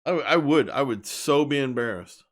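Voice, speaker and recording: A man's voice: medium pitch, animated, normal speed. A man talking straight to his live-stream viewers in a loose, unscripted rant. He is blunt and emphatic and circles back to repeat his points. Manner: blunt, emphatic, repeats himself while ranting.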